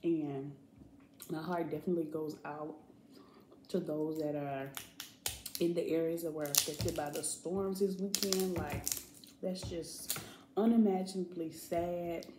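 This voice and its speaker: Woman, 30s, low unhurried vlog chat, roomy echo. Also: slight background noise. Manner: chatty, relaxed, laughs often. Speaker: family vlogger. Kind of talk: casual mukbang chat.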